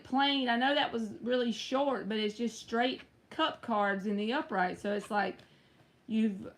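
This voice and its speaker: Woman, tarot reader, casual live stream, teasing and chatty, slow delivery. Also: fairly high pitch. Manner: chatty, teasing, addresses viewers by name.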